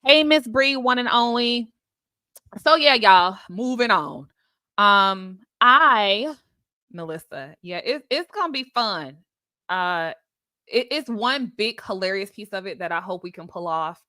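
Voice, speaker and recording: A woman hosting a casual live stream, greeting viewers by name and chatting in an animated way, often laughing. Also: mid-range voice, measured pace, dry recording.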